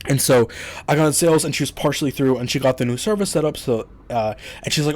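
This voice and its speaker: A man's voice: mid-range voice, fast talker, darkish tone. A man telling a story in a rambling, casual rant to his YouTube audience, exasperated and swearing often.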